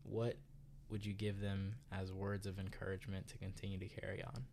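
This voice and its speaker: A woman podcast host and yoga teacher who asks questions slowly and affirms her guest warmly. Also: extremely low pitch, flat delivery, vocal fry, a little hiss or hum. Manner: slow, affirming, encouraging. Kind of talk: interview hosting.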